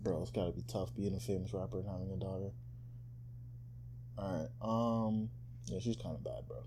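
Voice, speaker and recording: A man's voice: deep voice, fairly quick, slight background noise. A young man co-hosting a podcast, talking in a loose, joking and crude way. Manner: joking, crude, animated storyteller. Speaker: podcast co-host. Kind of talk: casual chat.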